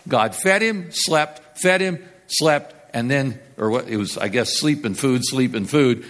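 A man preaching a sermon, telling the story with big swings from loud and emphatic to hushed. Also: mid-range voice, lively intonation, measured pace.

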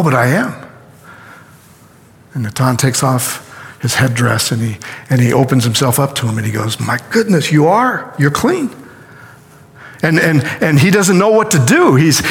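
A man preaching a sermon as a story, acting out the quoted lines with lively energy. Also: fairly high pitch, moderate pace, in a large hall. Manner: animated retelling with acted-out quotes. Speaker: pastor.

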